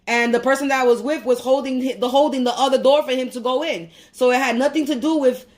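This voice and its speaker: A woman's voice: high voice, quick pace. A woman vlogger, ranting angrily and profanely, repeating her points. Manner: heated, profane, repeats herself. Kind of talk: angry rant to camera.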